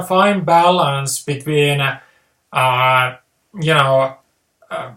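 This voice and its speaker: Male vlogger rambling, lots of ums, slow and a bit high, roomy echo. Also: a bit bright. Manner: hesitant, many fillers and restarts. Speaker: video host. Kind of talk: rambling casual monologue.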